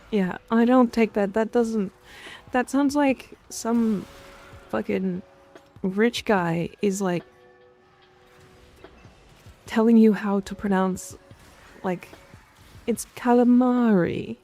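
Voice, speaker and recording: A woman's voice: fairly high pitch, a little mellow. A woman game streamer chatting casually and ranting offhand, with frequent swearing. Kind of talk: casual gaming stream chat. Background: faint background music.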